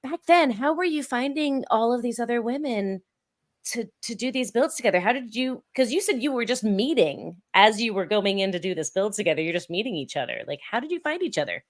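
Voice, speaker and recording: A woman's voice: on the high side, expressive, a little fast. A woman hosting a casual interview, asking eager, admiring questions with many "like" and "um" fillers. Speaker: host.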